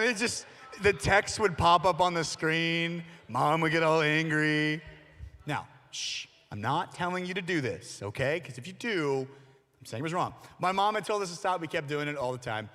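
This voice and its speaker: A man's voice: on the high side, moderate pace. A man giving a youth sermon, telling stories with jokes and playful asides. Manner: animated storytelling with jokes and asides. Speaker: youth pastor. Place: church hall. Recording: long reverb of a large hall.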